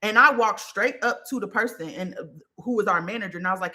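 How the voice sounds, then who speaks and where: A woman hosting a podcast, telling a personal story in a candid, profane, animated way. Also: mid-range voice, quick pace. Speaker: podcast host. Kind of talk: casual storytelling monologue.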